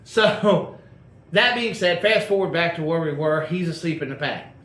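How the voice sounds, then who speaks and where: In an echoey room with faint ambience, a host rambles through a long personal story about a car, full of fillers and restarts. His voice is fairly high, a little slow, and fairly bright.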